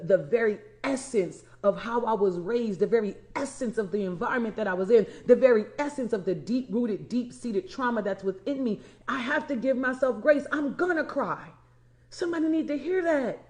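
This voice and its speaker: Emphatic high-voiced woman coach in her forties. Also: a little mellow. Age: 40s. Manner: emphatic, repeats key lines, addresses listeners as y'all and honey. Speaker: empowerment coach. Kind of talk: motivational livestream talk.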